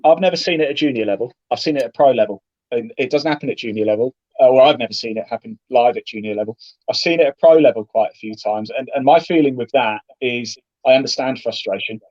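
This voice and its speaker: A man talks golf broadcasting at a brisk clip, chatty and animated, slipping into little acted-out exchanges. The recording is dry and a bit dull, like a lo-fi podcast mic. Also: mid-range voice, dry recording. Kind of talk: casual interview talk.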